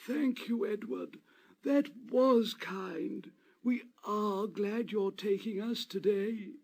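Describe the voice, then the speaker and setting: A man voicing a set of polite, fussy railway coaches in a storybook reading, raising his voice high and talking slowly and gently. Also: vocal fry, heavily acted. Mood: grateful.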